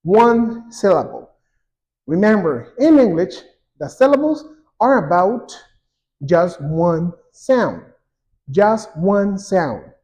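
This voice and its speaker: A man teaching an English grammar lesson, saying example words twice, slowly and clearly. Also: high-pitched, big pitch swings, darkish tone. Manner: slow and repetitive, drawing out example words.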